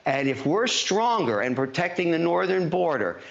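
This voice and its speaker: A man giving an assertive, measured interview answer, slowing down to land his points. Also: on the high side, very animated, creaky. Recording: dull lo-fi TV clip.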